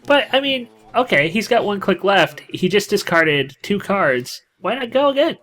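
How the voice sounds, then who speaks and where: Lively, higher-voiced male co-commentator. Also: normal speed. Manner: animated, second-guesses plays, exclaims at players. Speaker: game co-commentator. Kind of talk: casual tournament commentary.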